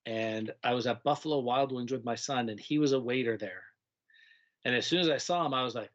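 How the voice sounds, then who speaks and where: A middle-aged man recalls his teaching years in a loose, animated way, jumping into playful kids' voices and laughing along the way. His voice sits at an ordinary pitch. The recording is a little dull and muffled. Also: a little fast. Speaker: retired teacher, guest. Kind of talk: casual storytelling conversation.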